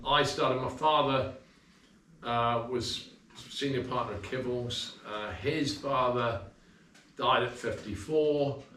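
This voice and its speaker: A man with a slightly worn voice giving a relaxed, chatty talk about his business to a club in a pub function room. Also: mid-range voice. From England. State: voice a little worn from selling. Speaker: guest speaker, livestock auctioneer. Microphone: far camera. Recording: roomy, distant, faint room noise.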